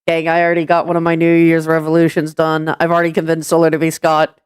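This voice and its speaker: A woman with a lowish voice hosts a live stream, chatting loosely with friends and wandering through her thoughts with plenty of fillers and restarts. Her voice sounds dry and close, with no room around it. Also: completely flat delivery, fast talker, clean tone, no room sound. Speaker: streamer hosting a voice chat. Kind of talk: casual live-stream chat.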